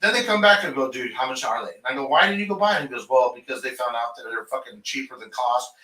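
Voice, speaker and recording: A man's voice: medium pitch, fast, pushed and bright, distant mic. Man ranting profanely in a garage. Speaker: motorcycle shop owner. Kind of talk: casual podcast chat. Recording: roomy garage, off-mic.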